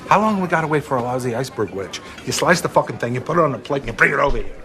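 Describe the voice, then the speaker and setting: An actor playing a volatile, bullying movie mogul who talks in a gruff, threatening way full of profanity. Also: male voice, mid-range voice, animated, very fast, sharp tone. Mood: menacing. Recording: TV clip with music and crowd noise.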